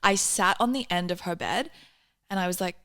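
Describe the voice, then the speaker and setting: A woman in her twenties hosting a podcast, chatting casually and telling animated stories with quick asides. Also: lowish voice. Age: 20s. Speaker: podcast host. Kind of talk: casual chat.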